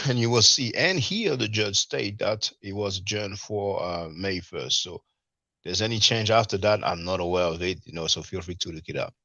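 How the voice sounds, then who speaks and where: Low-pitched bright male commentator. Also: moderate pace, no room sound. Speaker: commentator reviewing a video. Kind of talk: commentary over a played clip.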